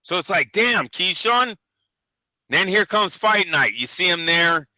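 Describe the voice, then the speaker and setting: A man co-hosting a boxing news show in casual, profane chat, animated and acting out quotes. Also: a little high, moderate pace, dry recording, low-quality recording. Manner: animated, swears a lot, acts out quotes.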